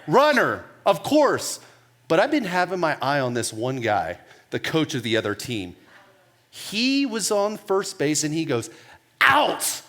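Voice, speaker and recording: A pastor in his thirties giving a sermon, telling self-mocking stories in a casual, animated way with laughs. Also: on the high side, a little slow.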